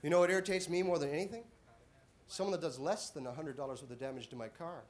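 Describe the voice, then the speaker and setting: A man doing a stand-up comedy routine on a club stage, deadpan setups that burst into shouted punchlines. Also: a little high, fast talker. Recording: live club audience laughing. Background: audience laughter and applause.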